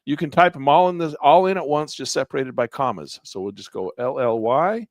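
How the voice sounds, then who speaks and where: Man, trading instructor, live online class, step-by-step explanation, losing his voice, frequent throat clearing, mid-range pitch. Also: animated, a little fast, hardly any pauses, no room sound. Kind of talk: live online class walking through charting software.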